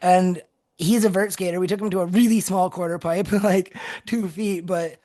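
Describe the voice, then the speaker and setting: A man guesting on a podcast, telling stories in an energetic, animated way and laughing often. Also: high voice, moderate pace. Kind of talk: casual storytelling chat.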